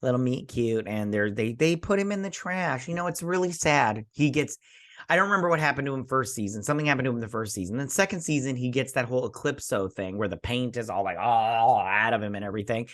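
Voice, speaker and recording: A man's voice: mid-range voice, animated, fast, fairly bright tone. Guy doing a loose tv recap, um and uh everywhere, kinda sleepy. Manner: rambling, with many fillers, paraphrasing characters' lines. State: sleepy, yawning. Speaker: host. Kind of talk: casual episode recap and review.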